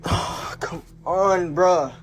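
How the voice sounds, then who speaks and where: A frightened young man working the night shift at a small store films himself on his handheld phone, swearing and calling everyone "bro." His voice sits high and he speaks extremely slowly.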